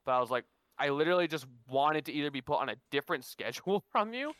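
A man telling workplace stories in a casual podcast chat, animated and swearing freely. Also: on the high side, racing, smooth, no echo. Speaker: podcast co-host.

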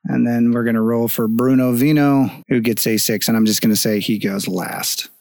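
A man running a tabletop game as game master, giving brisk, matter-of-fact rulings. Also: mid-range voice, fairly even intonation, vocal fry, darkish tone, no echo.

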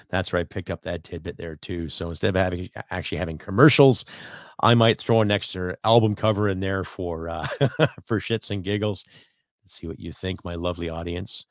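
Blunt, profane low-voiced male podcaster. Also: brisk, dry recording, clean studio sound. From Canada. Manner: blunt, profane, rambling rant. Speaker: podcast host. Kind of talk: ranting solo podcast.

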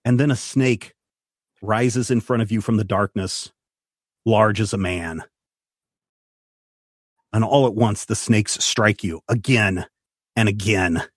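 A man narrating as game master for a tabletop game, describing scenes and walking players through the rules. His voice sits at a middle pitch and sounds dry and close, with no room sound. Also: slow pace, pauses often, breathy edge, dry recording. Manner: descriptive narration with rules explanations, some restarts.

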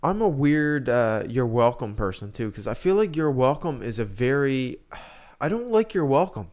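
Chatting casually as a podcast co-host, this young man rambles, starts over, and muses as ideas come to him. His mid-range voice is a little mellow, with big pitch swings, at a normal pace.

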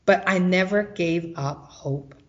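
A woman guest telling a personal story of hardship and faith, animated and acting out the voices of others. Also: on the low side, takes it slowly, muffled recording. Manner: animated, acts out quoted voices.

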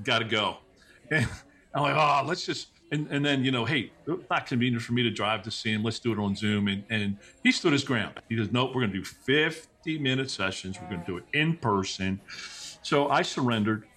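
A middle-aged man, a podcast guest, telling personal stories in a casual, animated way, with many restarts and quick asides. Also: mid-range voice. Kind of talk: casual conversational storytelling.

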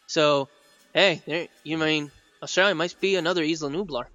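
A man's voice: fairly high pitch, normal speed, sharp tone, highs cut off, faint music behind. A man co-hosting a podcast in casual chat, rambling with many fillers and laughing often. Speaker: podcast co-host and dinosaur artist.

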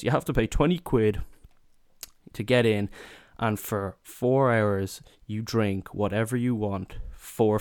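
A young Irish man with a lowish voice spins a rambling, comic holiday story, peppering it with "you know" and side remarks. The sound is dry and close, with no room around it. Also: a little mellow, clear, resonant tone, no room sound.

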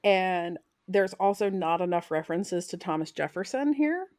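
A woman's voice: lowish voice, lively intonation, normal speed, a crowd in the background. A woman co-hosting a casual podcast, working through guesses aloud in a wry way. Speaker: podcast co-host. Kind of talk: casual chat.

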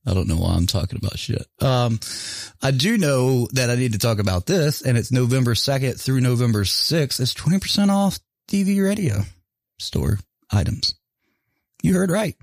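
A man's voice: mid-range voice, expressive, normal speed, gravelly, no room sound. A man hosting a casual talk show, laughing often and swearing casually, with stories and a store plug. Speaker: podcast host. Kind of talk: casual chat with ad read.

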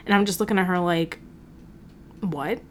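A woman with a lowish voice co-hosts a podcast, speaking at normal speed over a slight hiss or hum. She tells a story in casual, animated chat, swearing often and acting out what people said.

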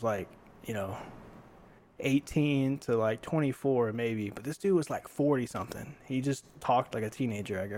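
A man co-hosting a casual podcast, telling a rambling story and laughing often. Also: medium pitch. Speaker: podcast co-host. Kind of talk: casual chat.

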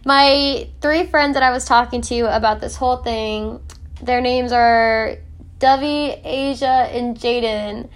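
A woman's voice: on the high side, fairly even intonation, takes it slowly. A young woman sharing a personal faith testimony in an earnest, emotional way, with many fillers. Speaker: faith vlogger.

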